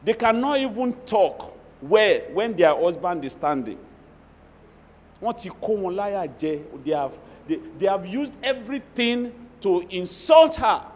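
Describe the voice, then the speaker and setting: Nigerian pastor preaching in a reverberant hall. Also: male voice, sits high, a little slow. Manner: animated preaching with Yoruba asides and acted quotes. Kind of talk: sermon.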